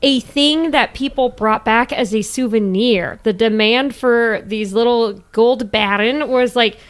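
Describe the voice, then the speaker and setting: A woman's voice: a little high, unhurried. A woman co-hosting a podcast, casually telling a history in a chatty way. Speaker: podcast co-host.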